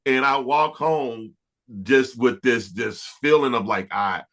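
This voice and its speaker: Bright-voiced man telling stories. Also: medium pitch, takes it slowly. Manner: animated, laughing storyteller with many restarts. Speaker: R&B producer, interview guest. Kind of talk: storytelling in a casual interview.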